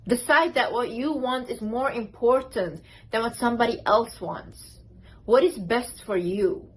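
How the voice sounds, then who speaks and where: A woman's voice: fairly high pitch, slightly rough, low-quality recording. A woman vlogger giving self-confidence advice in a casual, emphatic way, blunt and repeating words for stress. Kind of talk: casual direct-to-camera advice.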